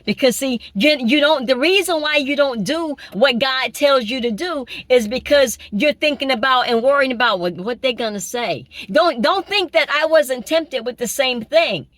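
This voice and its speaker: A woman's voice: sits high, normal speed, hardly any pauses, a bit bright, dry recording. A woman giving an informal spiritual sermon, emphatic, repeating phrases and asking rhetorical questions. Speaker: spiritual preacher.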